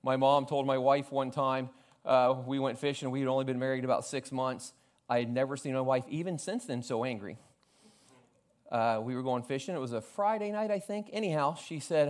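A man in his forties from South Florida preaching a sermon, telling funny family stories and quoting his father with lively acted lines. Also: medium pitch, normal speed. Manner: storytelling with humor, animated quoting of family. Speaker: pastor.

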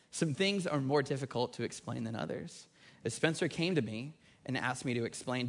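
A man in his thirties preaching a sermon with energetic, conversational emphasis that rises on key points. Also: medium pitch, a little fast, creaky. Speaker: pastor.

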